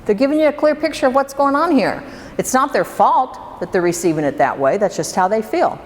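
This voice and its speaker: A woman's voice: on the high side, expressive, fairly quick. A woman presenting a workshop to a live audience, talking conversationally and putting questions to the room. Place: hall with an audience. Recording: reverberant hall, faint room noise.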